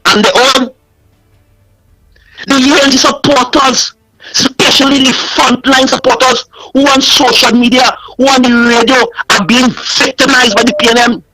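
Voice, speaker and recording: Fired-up trini guy ranting on a call-in show, bright husky voice, dry phone sound. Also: very high-pitched, poor audio. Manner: impassioned, repetitive rhetorical questions. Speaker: caller. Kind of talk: call-in radio rant.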